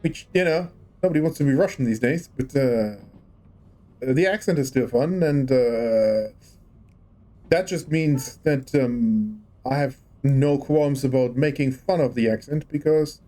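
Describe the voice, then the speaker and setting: A man's voice: medium pitch, a little slow, mellow. A man casually chatting on a livestream while playing a game, musing and rambling as he tries out rolled R's. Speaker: game streamer.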